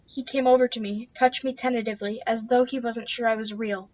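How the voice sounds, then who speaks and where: Woman reading a book out loud, kinda high voice, muffled dry audio. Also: fairly quick, hardly any pauses. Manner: steady first-person narration. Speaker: book reader. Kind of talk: reading a novel aloud.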